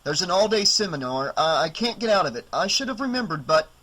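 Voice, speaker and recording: A man's voice: high-pitched, sing-song, a little fast, sharp tone, pitched above the performer's own voice, exaggerated voice, poor audio. A man reading an audiobook, voicing a tired, kindly middle-aged male doctor who talks plainly and reluctantly. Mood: weary.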